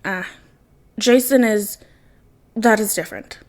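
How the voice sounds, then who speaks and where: A woman's voice: mid-range voice, slow pace. A woman reading the lines of a weary, stern grown man who pleads earnestly with his son in a storybook reading. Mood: tired, earnest.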